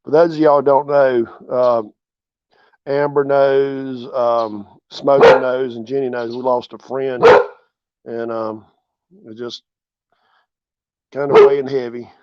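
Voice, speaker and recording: A man, relaxed and chatty, hosting a casual livestream from his porch and greeting viewers by name. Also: mid-range voice, slow, pauses often, a little hiss or hum. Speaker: channel host. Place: outdoors on a porch. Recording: dull, dry lo-fi sound.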